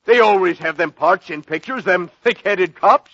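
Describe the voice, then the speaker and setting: A man's voice: high voice, normal speed, fairly bright tone, slight background noise. An actor playing a thick-headed, boastful male beat cop with bad grammar, in 1940s radio comedy. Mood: blustery. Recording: dull old radio broadcast.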